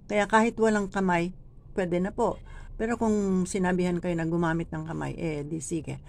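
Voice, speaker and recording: A woman with a Filipino accent training church readers, speaking deliberately and demonstrating phrasing by reading lines aloud. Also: on the low side, fairly even intonation, creaky, darkish tone, a little hiss or hum. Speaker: lector trainer. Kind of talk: teaching scripture reading in a workshop.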